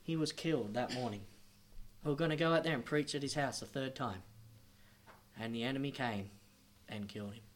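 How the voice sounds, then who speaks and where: A man preaching a sermon as a missionary, telling a story and swinging between loud emphatic lines and hushed ones. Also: medium pitch, a little fast, pauses often, a little hiss or hum.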